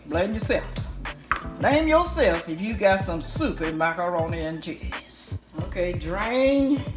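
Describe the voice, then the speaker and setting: A woman hosting a home cooking demonstration, chatty and animated, calling her viewers y'all. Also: mid-range voice. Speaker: home cooking channel host. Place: home kitchen, stove sizzling. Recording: roomy kitchen sound with loud background music.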